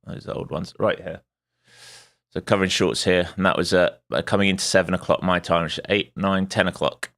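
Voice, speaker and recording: A man's voice: deep voice, level tone, brisk, fairly bright tone. A man hosting a live trading stream, thinking aloud over his charts in a casual, rambling way, greeting viewers by name and correcting himself as he goes. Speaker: day trader and stream host.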